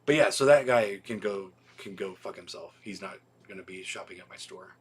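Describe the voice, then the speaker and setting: A man chats casually on a livestream. He rambles and restarts, swears often, and fills his pauses with ums. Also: deep voice, husky. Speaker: video store owner hosting a weekly livestream.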